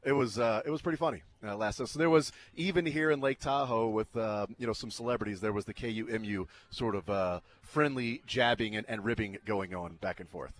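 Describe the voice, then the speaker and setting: A man's voice: lowish voice, brisk, hardly any pauses. Rambling male sports radio host. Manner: rambling, filler-heavy, laughs through his stories. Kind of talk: casual on-air storytelling.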